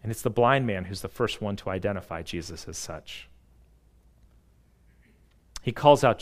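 A man preaching a sermon as a pastor. He delivers it earnestly, swelling to emphatic peaks and dropping to hushed, slow passages. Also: fairly low pitch, lively intonation, big-room sound.

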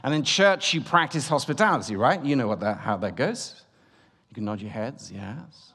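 A man's voice: medium pitch, animated, moderate pace, breathy edge. Man preaching in an echoey church. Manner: storytelling, swings between loud and hushed. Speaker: guest preacher. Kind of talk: sermon. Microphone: room microphone. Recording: long church reverb.

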